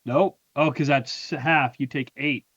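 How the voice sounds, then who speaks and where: A man running a tabletop game as game master, calling results in a brisk, matter-of-fact way. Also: medium pitch, steady tone, fairly bright tone, breathy edge, dry recording, lo-fi sound.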